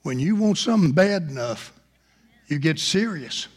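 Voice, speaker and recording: A male preacher delivering a storytelling sermon with animated delivery and bursts of shouting. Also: fairly high pitch, moderate pace, slight background noise. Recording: reverberant hall.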